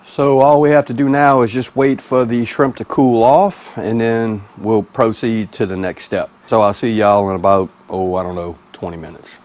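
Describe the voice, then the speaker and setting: A man's voice: fairly low pitch, steady tone, normal speed, hardly any pauses, darkish tone. A man with a Mississippi Southern accent hosting a casual cooking vlog in a folksy, easygoing, chatty way. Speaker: cooking channel host.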